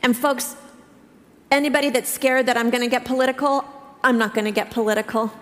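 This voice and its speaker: A woman's voice: a little high, steady tone. Earnest woman preaching in a reverberant hall. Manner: earnest, storytelling, with halting restarts. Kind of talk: sermon. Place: church.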